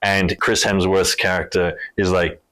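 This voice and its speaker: A man's voice: low voice, measured pace. A man casually chatting about a movie he just saw, swearing freely and retelling scenes with energy. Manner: loose, swearing, animated storytelling. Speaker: film review co-host. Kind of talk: casual chat.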